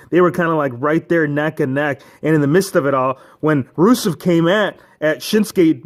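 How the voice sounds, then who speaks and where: A man casually recapping an event for his channel, excitable and full of asides and mock outrage. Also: on the high side. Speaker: toy figure reviewer.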